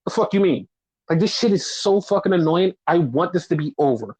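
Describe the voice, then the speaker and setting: A man's voice: sits high, expressive, fairly quick, darkish tone, husky. A man hosting a casual podcast, ranting angrily with constant swearing and mocking sarcasm. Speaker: podcast host. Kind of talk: casual chat. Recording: dull lo-fi audio.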